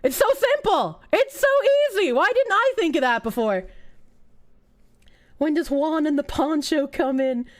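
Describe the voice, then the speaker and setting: A woman's voice: high-pitched, lively intonation, unhurried. A woman streaming live, reacting in a sarcastic, incredulous and profane way with frequent laughs. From United States. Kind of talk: casual livestream reaction.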